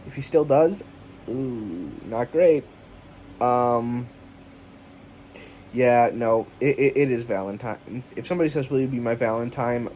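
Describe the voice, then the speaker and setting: A man's voice: mid-range voice, measured pace, long pauses, a little mellow. A man hosting a casual solo comedy podcast, sarcastic and profane, riffing on each item of a list he reads out. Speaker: podcast host. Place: home room with a lawn mower outside. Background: faint lawn mower noise from outside.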